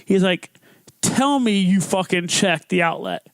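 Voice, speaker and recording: A young man hosting a podcast, telling a story in a casual, profane, animated way, acting out quotes. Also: high-pitched, measured pace, dry recording. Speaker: podcast host.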